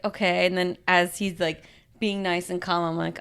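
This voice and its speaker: A woman co-hosts a relaxed podcast conversation in a gravelly, fry-heavy voice. She talks candidly and pokes fun at herself, with a casual curse here and there. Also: lowish voice, a little fast. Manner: candid, self-mocking, casual swearing. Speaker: podcast co-host. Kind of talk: casual chat.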